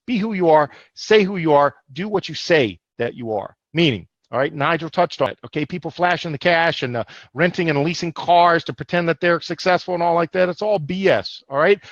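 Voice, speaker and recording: A man's voice: on the high side, no room sound. A man co-hosting a motivational online business webinar, emphatic and forever checking in with "all right?". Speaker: co-host. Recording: dull lo-fi livestream audio.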